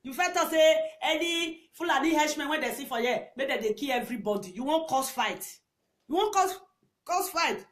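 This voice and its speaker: A woman with a Nigerian accent ranting in angry commentary, scolding and repeating herself, with sudden shouts and laughs. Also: high-pitched, lively intonation, moderate pace.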